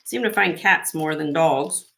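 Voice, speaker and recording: A woman with a low, gravelly yet fairly bright voice takes her time as she hosts a live-stream sale of vintage jewelry. Speaking with a Midwestern accent, she chats effusively about each piece she shows. The low-quality recording has slight background noise.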